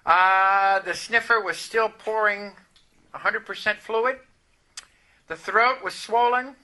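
A man preaching a sermon, telling a personal story with animated, emphatic declarations. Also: sits high, takes it slowly.

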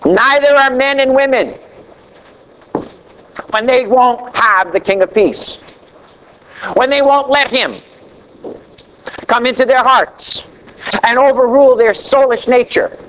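A man preaching a sermon as pastor, slow and dramatic, letting his voice sink low at the ends of phrases. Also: fairly bright tone, dull audio, slight background noise.

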